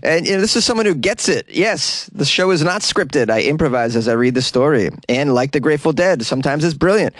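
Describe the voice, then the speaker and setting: A man's voice: a little fast, few pauses, no room sound. Man hosting a comedy podcast, dry close sound. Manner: jokey, animated, voice often jumps high for punchlines. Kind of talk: casual improvised monologue. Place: small closet studio.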